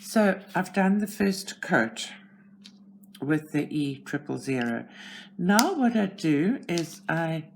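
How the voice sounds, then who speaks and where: A low-voiced woman with a South African accent, speaking slowly and unhurriedly with a gravelly edge. She talks through her work in a relaxed, chatty way, poking fun at herself, with faint background noise. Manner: chatty, self-deprecating, talks to herself while working. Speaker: channel host. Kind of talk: casual narration while coloring. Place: at home.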